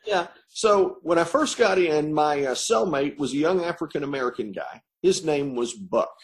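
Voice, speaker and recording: Gravelly man telling a story. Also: a little high, expressive. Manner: rambling, halting with many ums and repeated words. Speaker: interview guest. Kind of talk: casual storytelling.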